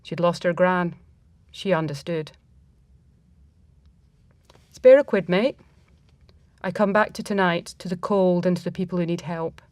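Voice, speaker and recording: A woman narrates a story in the first person, sounding reflective and measured, her voice sitting fairly low with fairly even intonation. It's a dry, close recording with no echo or room sound.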